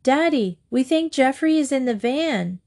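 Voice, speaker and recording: A woman reading aloud, voicing an excitable young girl who talks eagerly. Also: fairly high pitch, moderate pace, voice pushed up. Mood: pleading.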